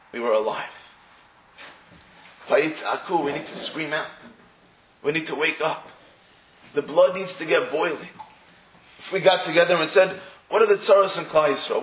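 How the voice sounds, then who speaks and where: A man delivers a sermon as a string of stories, acting out the people he quotes and dropping in Hebrew and Yiddish words. His voice sits high for a man. The room around him rings with echo. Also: animated, measured pace, long pauses, a bit bright. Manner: storytelling, acts out quoted voices; mixes Hebrew and Yiddish terms. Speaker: religious speaker. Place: room in England.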